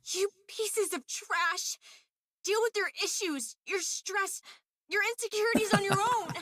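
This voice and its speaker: A young woman in a game cutscene, defending her idol friend against a hostile crowd. Her voice is very high and bright, and she talks slowly and raggedly between shouting and sobbing. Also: no echo. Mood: furious. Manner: shouting, breaking into sobs. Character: young woman fiercely protecting her pop star friend.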